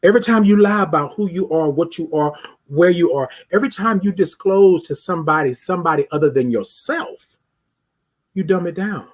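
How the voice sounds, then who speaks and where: A high-voiced man with a husky edge hosts a live stream. He talks straight to his viewers with emphatic, preachy conviction and calls them to speak up. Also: a little fast. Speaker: host of a live talk show. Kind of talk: motivational live-stream monologue.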